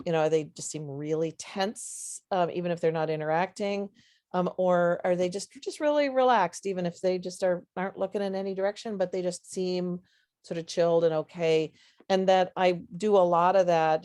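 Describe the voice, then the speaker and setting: A woman's voice: on the low side, darkish tone. A woman who fosters dogs, speaking on a casual webinar panel, hesitant, with many fillers and restarts. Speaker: dog foster volunteer on a panel.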